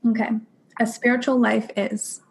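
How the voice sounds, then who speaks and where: A woman in her thirties hosting an interview podcast, responding warmly and affirming her guest. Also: a little high, level tone, gravelly. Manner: warm, affirming, quick responses. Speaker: podcast host.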